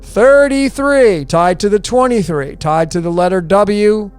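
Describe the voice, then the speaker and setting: A man's voice: high-pitched, normal speed, clear, resonant tone, soft background music. A man presenting a conspiracy-style decoding video, emphatic and repetitive, firing off rhetorical questions and answering them himself.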